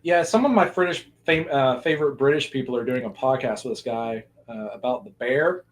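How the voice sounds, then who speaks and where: A man's voice: medium pitch, brisk. A man hosting a casual movie commentary podcast, laughing often and rambling through asides. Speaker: podcast host.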